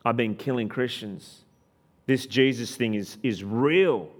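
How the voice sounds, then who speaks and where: A preacher voicing a stunned man who realizes he has been doing wrong, speaking low and halting. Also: in a large hall, lightly acted. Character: awestruck man realizing his grave mistake.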